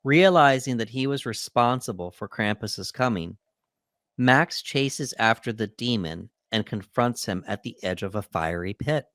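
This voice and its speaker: A man's voice: medium pitch, expressive, a little slow, fairly bright tone, dry recording. A man co-hosting a movie podcast, recapping the plot steadily with dry humor. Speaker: podcast co-host. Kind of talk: reading a plot summary and chatting.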